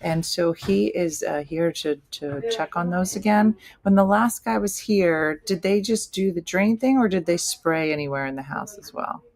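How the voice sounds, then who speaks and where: A woman's voice: on the low side, normal speed, few pauses, a little mellow. A woman hosting a casual morning show, chatting loosely and switching between tasks and asides. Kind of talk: casual chat while working.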